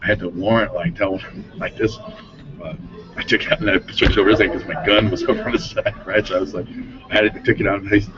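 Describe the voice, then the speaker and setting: A man's voice: fairly low pitch, fast, pauses often, background noise. A middle-aged man from Denver telling stories in a rambling, casual way as an interviewee, often chuckling and trailing off mid-sentence. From Denver, Colorado. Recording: dull lo-fi recording with music.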